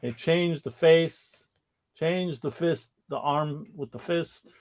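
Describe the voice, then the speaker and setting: A man's voice: a little high, takes it slowly. A man co-hosting a casual comics history livestream, rambling and laughing as he reads viewer comments aloud.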